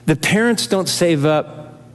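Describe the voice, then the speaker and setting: A man's voice: a little high, lively intonation, takes it slowly. An older man, a pastor, preaching a sermon in an earnest, conversational way, repeating phrases for emphasis. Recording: long reverb of a large hall.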